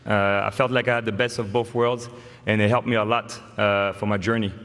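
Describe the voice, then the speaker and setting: At a podium in a large hall, an honoree in his forties from France gives his induction speech, joking and telling stories in his French accent. His voice is lowish, level, brisk, and a bit bright, heard amid hall reverb and faint ambience.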